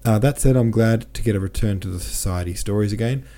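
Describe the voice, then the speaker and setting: A man's voice: on the low side, quick pace, dark tone. A man hosting a podcast, talking casually and rambling through a book discussion while reading listener comments aloud. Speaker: podcast host.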